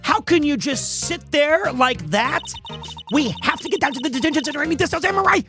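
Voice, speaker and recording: A man voicing an excitable, impatient young woman sidekick in a video game. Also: extremely high pitch, fairly quick, over music, pitched above the performer's own voice. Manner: eager, impatient.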